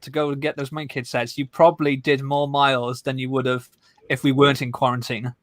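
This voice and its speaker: A man's voice: mid-range voice, flat delivery, no echo. A man co-hosting a livestream, chatting casually and rambling from one joke to the next. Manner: rambling, playful, quick to joke. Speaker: livestream co-host. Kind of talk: casual group chat on a livestream.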